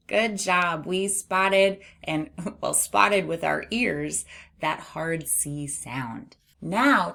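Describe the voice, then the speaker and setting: Slow, patient woman teaching phonics. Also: sits low, gravelly, fairly bright tone. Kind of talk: children's phonics lesson.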